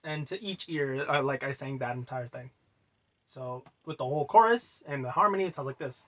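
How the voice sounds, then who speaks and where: A man casually explaining how he made his own song, rambling loosely with many fillers and quiet trailing asides. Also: medium pitch, expressive, fairly quick, a little hiss or hum. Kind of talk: casual music breakdown.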